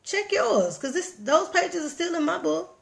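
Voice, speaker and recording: Reading viewer comments and speaking right to her audience, a Southern-accented woman vlogger gives an animated, preachy motivational livestream talk in a casual tone. Her very high voice is gravelly, and she never hurries.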